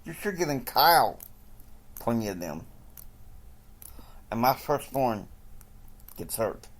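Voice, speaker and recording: A man quoting a stern father who brushes off his wife in a gruff, dismissive tone. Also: medium pitch, very animated, takes it slowly, full character voice.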